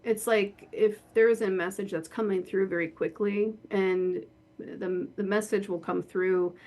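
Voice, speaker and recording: Woman guest chatting, gravelly fry in her voice, mid pitch, lots of "like", laughs a bunch. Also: a little slow. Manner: animated, laughs often, many "like" fillers. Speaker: guest, horror author and spirit board practitioner. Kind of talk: casual storytelling in an interview.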